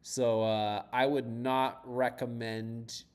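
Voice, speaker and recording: A man's voice: medium pitch, flat delivery, slow pace, darkish tone, smooth. Chatty man rambling while he codes. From US, south of Boston. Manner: rambling and chatty, laughs often, swears casually. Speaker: startup founder coding on a livestream. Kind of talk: casual live-stream chat while coding.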